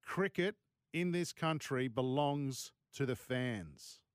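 A man's voice: mid-range voice, animated, takes it slowly, clean tone, dry recording, studio quality. An Australian man hosting a sports talk radio show, speaking bluntly and indignantly in a colloquial way. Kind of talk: talk radio opinion segment. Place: radio studio.

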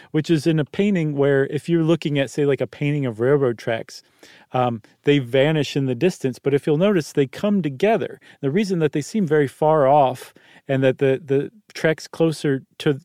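Easygoing male podcast host, higher voice. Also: a little mellow, dry recording, studio quality. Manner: easygoing, rambling, self-interrupting. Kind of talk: casual explanatory chat.

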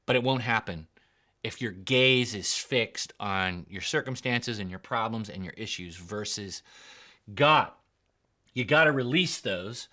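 A man's voice: mid-range voice, sharp tone. A man preaching a sermon in an emphatic way, repeating key points and calling his listeners guys and bro. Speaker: pastor.

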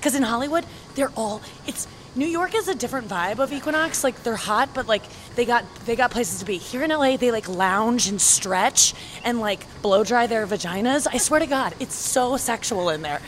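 A woman's voice: a little high, expressive, normal speed, few pauses, a little hiss or hum. A woman podcast host chatting casually and brashly while walking on a treadmill in a gym. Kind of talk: casual chat.

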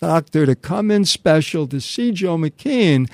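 Guy spinning an old story, voice on the higher side, quotes everyone's lines, no room echo. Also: unhurried, studio quality. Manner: animated storyteller, quoting others in dialogue. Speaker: guest storyteller. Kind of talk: casual anecdote telling.

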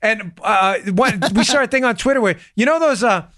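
A man hosting a political commentary talk show, animated and indignant, often calling his listeners folks. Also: sits high, normal speed. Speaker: host.

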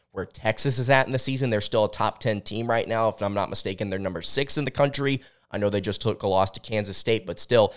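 A man's voice: fairly low pitch, clean tone. A man hosting a solo sports podcast, talking casually and reading quotes aloud, with frequent fillers.

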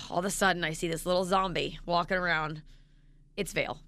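A woman's voice: steady tone, normal speed, fairly bright tone, no room sound. A woman in her thirties co-hosting a radio show, telling a story with dramatic, acted-out quotes. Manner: dramatic, acts out quotes with big pitch jumps.

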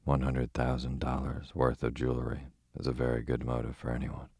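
Guy reading as a calm fussy old detective, super deep gravelly voice, flat and husky. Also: dry recording, clean studio sound, heavily acted. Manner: placid, deliberate, foreign turns of phrase. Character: fussy, precise older male detective.

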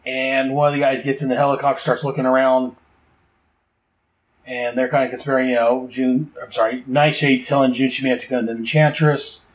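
A man's voice: medium pitch, flat delivery, fairly quick, poor audio. A man hosting a casual comic book podcast, recapping pages in a rambling way full of asides.

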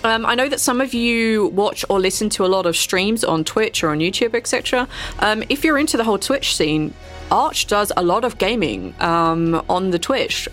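Woman, podcast co-host, casual chat, giggly, rambling, lots of fillers. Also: mid-range voice.

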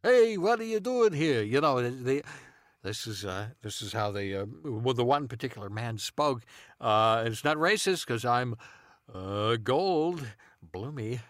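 A man improvising absurd comedy in a rambling, deadpan way, full of ums and uhs. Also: medium pitch, a little slow, no room sound, studio quality.

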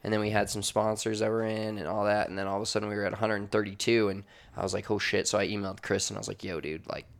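A man's voice: lowish voice, racing, gravelly, few pauses. Upbeat young man co-hosting a podcast. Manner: energetic, chatty storyteller who swears. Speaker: podcast co-host. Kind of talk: casual chat and read sponsor spots.

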